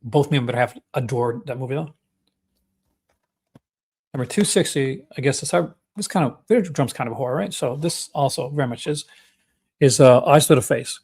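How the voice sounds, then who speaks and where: This young Canadian livestream host, with a Canadian accent, chats enthusiastically and rambles, using many fillers and restarts in casual conversation. He talks briskly but pauses often, in a mid-range, husky voice with a darkish tone.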